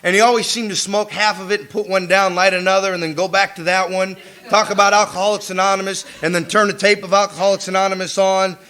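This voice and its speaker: A man's voice: high voice, fast talker, few pauses. A man speaking at a recovery meeting, telling a streetwise story full of slang and swearing and acting out what people said. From United States. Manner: animated, acts out quotes with laughter. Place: meeting room before an audience.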